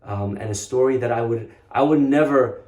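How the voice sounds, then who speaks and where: A rabbi with a mid-range, slightly mellow voice speaks at a moderate pace in an earnest storytelling sermon. He underlines his points by repeating them, and the recording sounds roomy and echoey.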